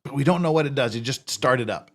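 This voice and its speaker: A man's voice: mid-range voice, lively intonation, fast. Rambling man recapping a show. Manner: rambling, frequent restarts and self-corrections; casual, conversational. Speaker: TV series reviewer. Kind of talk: unscripted plot recap.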